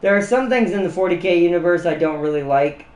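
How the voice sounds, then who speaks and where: A man's voice: sits high, lively intonation, quick pace, echoey room. A man streaming casual chat who rambles and laughs often at his own jokes.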